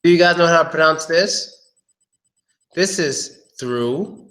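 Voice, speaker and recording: Teaching English pronunciation live, a man speaks at a fairly high pitch, relaxed and reasoning out loud. Each word gets a slow repetition.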